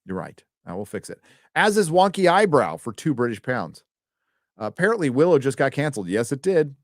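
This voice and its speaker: A man's voice: mid-range voice, very animated, fairly quick, dry recording, studio quality. Chatty swearing male stream host. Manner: loose and chatty, swears freely, often stumbles over words. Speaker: host reading donations. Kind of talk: casual live-stream chat.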